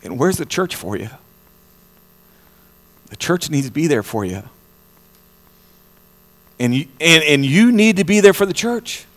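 A pastor preaching an impassioned sermon, often repeating words and swinging between loud and hushed delivery. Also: male voice, on the high side, animated, unhurried, pauses often, big-room sound.

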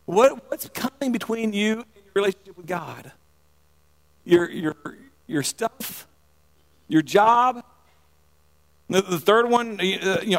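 A man preaching a sermon in a church, often repeating words and restarting, moving between quiet and emphatic passages. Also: high voice, expressive, takes it slowly, long pauses. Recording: long reverb of a hall.

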